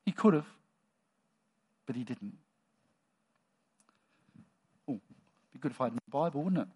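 A man preaching a sermon to his congregation in a relaxed, conversational storytelling manner. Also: medium pitch, a little fast, breathy edge, lo-fi sound.

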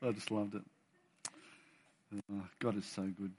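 A man preaching to his church, moving between soft chatty asides and loud, bold readings of scripture. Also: fairly low pitch, fairly even intonation, a little slow, slight background noise. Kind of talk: sermon.

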